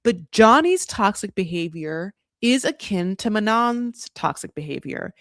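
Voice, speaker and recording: A woman's voice: medium pitch, very animated, a little slow, a bit bright, no room sound, studio quality. A woman hosting a casual live recap of a reality show, blunt and opinionated, rambling with lots of "like" and frequent swearing.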